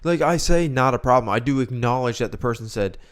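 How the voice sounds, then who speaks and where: Young guy on a podcast ranting about manners, acts out what people say, clean smooth voice. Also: mid-range voice, fast. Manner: animated, opinionated, acts out quoted lines. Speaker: podcast co-host. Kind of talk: casual chat.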